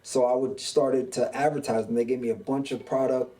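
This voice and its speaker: A man from Brooklyn, hosting a podcast and telling a story in a casual, animated way, acting out the people in it. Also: medium pitch, brisk, recorded from a distance, rough recording. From Brooklyn, New York. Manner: animated, acts out quoted dialogue. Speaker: podcast host.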